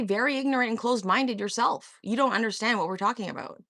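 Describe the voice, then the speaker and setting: A woman's voice: fairly high pitch, quick pace, a bit bright, no echo, clean studio sound. A woman hosting a livestream, talking back to chat viewers by name in a confrontational, sarcastic way and swearing freely. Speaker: livestream host. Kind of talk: heated live-chat monologue.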